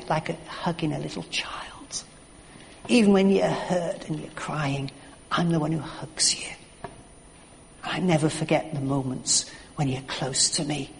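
A man voicing God, speaking softly and in a half whisper as he tells his people he loves them. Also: high voice, creaky, in a large hall, a little hiss or hum.

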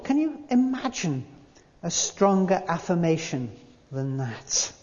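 A man preaching a sermon, emphatic, repeating key phrases and slowing down to read quotations. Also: on the high side, sing-song, a little mellow. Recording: dull lo-fi sound with long hall reverb.

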